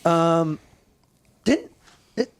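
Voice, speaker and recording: A man's voice: on the high side, lively intonation, drawn-out words, smooth. Man recounting a mission, cursing casually. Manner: profane, acts out radio and briefing dialogue. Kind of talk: casual war storytelling.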